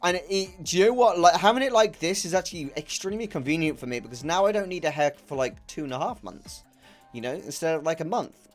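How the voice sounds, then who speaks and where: Young man, streamer, chatty, laughs a lot, higher voice, faint music behind. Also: lively intonation, fast. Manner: chatty, laughs often, swears casually. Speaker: live-streaming gamer. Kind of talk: casual stream chat.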